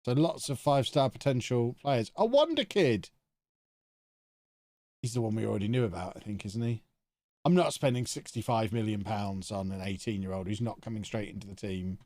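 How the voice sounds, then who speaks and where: A man's voice: fairly low pitch, brisk, dark tone, no echo, studio quality. A man, talking to himself in chatty commentary while streaming a video game live. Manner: chatty, thinking aloud to himself.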